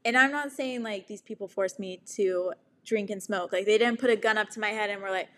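A woman's voice: fairly high pitch, normal speed, fairly bright tone. A young woman candidly telling a personal story to the camera, reflective and often breaking into nervous laughter.

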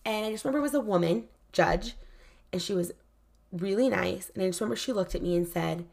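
A woman's voice: medium pitch, quick pace, creaky, a little mellow. A woman telling a painful personal story in casual, candid speech, full of "like" fillers. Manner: frequent "like" fillers, candid and emotional.

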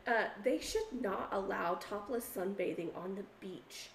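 A woman co-hosting a podcast in casual chat, an animated storyteller who swears freely. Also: medium pitch, measured pace, roomy sound, a little hiss or hum. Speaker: podcast co-host.

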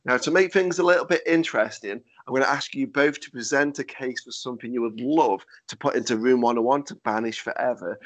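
A man hosting a casual chat, moving the show along in a cheeky way. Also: mid-range voice. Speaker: host.

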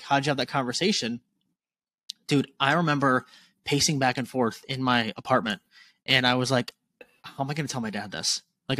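A man in his twenties talking candidly as a podcast guest, casual and animated, swearing freely. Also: medium pitch, no room sound. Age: 20s.

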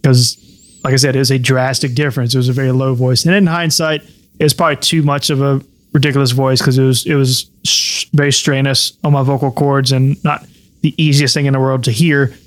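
Flat-voiced man chatting on a podcast. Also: mid-range voice, a little fast, no echo. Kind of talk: casual podcast chat.

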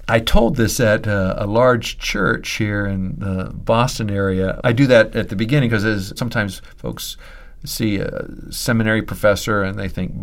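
A man from Pennsylvania, a seminary professor and preacher, telling a story in an unhurried podcast conversation with fillers. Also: lowish voice, fairly even intonation.

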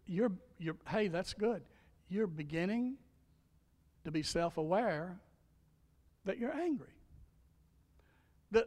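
A middle-aged pastor and chaplain preaches emphatically, questioning his congregation and swinging from loud exhortation to soft, hushed lines. His voice is high-pitched, and a large hall's long reverb fills the recording.

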